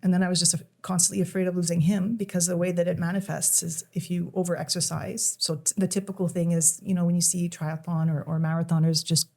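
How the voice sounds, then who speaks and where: A middle-aged woman speaks in a gravelly, mellow low voice. She tells her story haltingly and with deep emotion, stumbling and starting sentences over. Her tone stays conversational, as in a podcast chat. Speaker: podcast guest.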